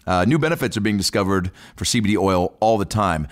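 Guy with a lowish voice doing a goofy ad read on a podcast. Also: animated, quick pace. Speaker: podcast host reading an ad. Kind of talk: read ad spot, joking.

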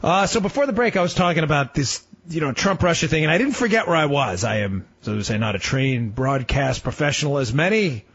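A middle-aged man filling in as a talk radio host, delivering a fast, sarcastic, rambling political monologue. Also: fairly high pitch, expressive, a bit bright, husky. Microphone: studio microphone. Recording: slightly muffled radio broadcast.

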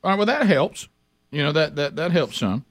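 A man's voice: fairly high pitch, sing-song, no echo, studio quality. Stammering male talk show host. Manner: stammering, halting restarts. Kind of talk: casual studio banter.

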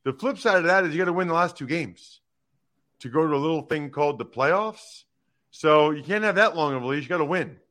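A man hosting a sports talk show, giving emphatic, animated opinions on football news and teasing his co-host. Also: on the high side, fairly quick.

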